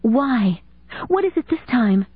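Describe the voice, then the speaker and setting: Brief: narrator doing an anxious lover in a higher, strained register, husky, tinny phone-like sound. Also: female voice, very animated, slow, no room sound, full character voice. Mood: upset. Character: adult woman, anxious and hurt lover.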